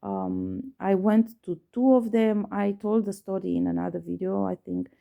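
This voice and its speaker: A woman's voice: mid-range voice, lively intonation, moderate pace, vocal fry, narrow, tinny audio. A woman vlogger telling a personal story to camera, hesitant with many fillers and restarts, emphatic and repetitive, swearing when upset. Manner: emphatic, repeats herself.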